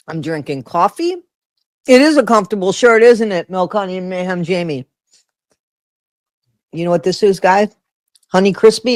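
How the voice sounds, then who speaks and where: Brief: mid-pitched livestream host, chatty and loose, greets viewers by name, dry close-mic sound. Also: a little mellow, no room sound. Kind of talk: casual livestream chat.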